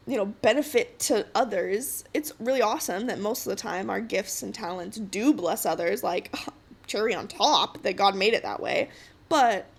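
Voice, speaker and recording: A woman's voice: on the high side, gravelly. A woman in her twenties hosting a casual solo podcast, chatty and giggly, giving an encouraging pep talk. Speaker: podcast host.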